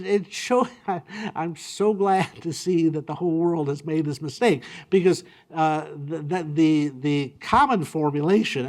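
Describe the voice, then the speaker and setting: A man giving a university lecture, talking in a halting way with many fillers and restarts. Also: a little high.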